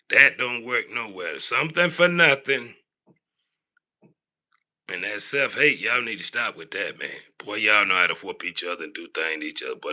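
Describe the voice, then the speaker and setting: A man hosting a live-stream rant, preachy and scolding, repeatedly tacking "boy" and "man" onto his lines. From Southern United States. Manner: big swings between low grumbling and raised shouting. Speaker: livestream host. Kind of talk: ranting live-stream commentary.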